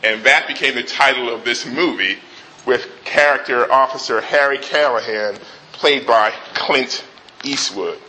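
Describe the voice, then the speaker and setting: A man retelling a movie scene in an animated way before making his point. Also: mid-range voice, a little slow, a little hiss or hum, rough recording. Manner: animated retelling with restarts and acted quotes. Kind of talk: storytelling lead-in to a talk.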